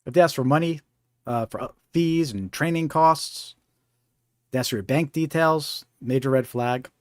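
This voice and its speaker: A man's voice: a little high, normal speed, no room sound, studio quality. Chatty man hosting a scam talk. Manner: conversational, keeps asking "right?". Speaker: host. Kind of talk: live-stream scam awareness talk.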